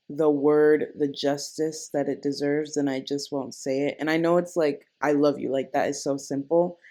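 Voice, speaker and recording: A woman's voice: low voice, a little mellow. A young woman chatting to camera in a casual vlog, bubbly and giggly, with lots of fillers, recorded indoors at home. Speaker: vlogger.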